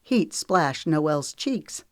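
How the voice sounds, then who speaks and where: A woman narrating a romance audiobook in a calm, measured way. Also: low-pitched, no echo, clean studio sound. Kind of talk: scripted narration.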